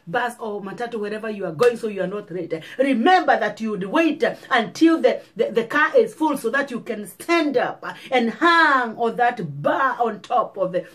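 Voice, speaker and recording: A woman's voice: on the high side, lively intonation, moderate pace, few pauses, a bit bright. Kenyan woman pastor preaching. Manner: earnest exhortation with repeated phrases. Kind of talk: sermon.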